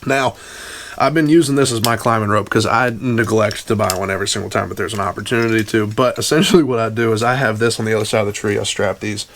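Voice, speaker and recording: A man's voice: on the low side, steady tone, quick pace, fairly bright tone, slight background noise. A young man with an Appalachian accent, chatting casually to viewers while working outdoors in the woods on a head-mounted mic, breathing hard from the effort. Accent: Appalachian Virginia. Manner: folksy, addresses viewers as y'all and boys. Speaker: hunting vlogger. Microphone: head-mounted camera mic without windscreen.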